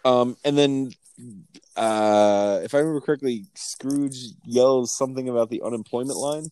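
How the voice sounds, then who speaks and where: A man's voice: mid-range voice, steady tone, moderate pace, a little mellow, clear, resonant tone, no echo. Joking, profane man chatting about a movie. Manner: joking, profane, reads from notes. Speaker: podcast co-host. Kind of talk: casual movie-discussion chat.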